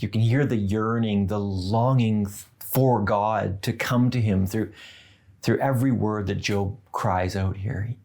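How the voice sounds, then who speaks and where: A man preaching a sermon as pastor, talking in an earnest, conversational way with gently humorous asides. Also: on the low side.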